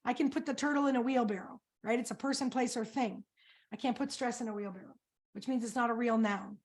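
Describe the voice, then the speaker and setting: A high-pitched, lively woman coaching through a webinar. She talks with energy and keeps throwing questions at her listeners to pull them in. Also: fast talker. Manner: energetic, quizzes the audience with questions. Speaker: coach and presenter. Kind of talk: webinar presentation.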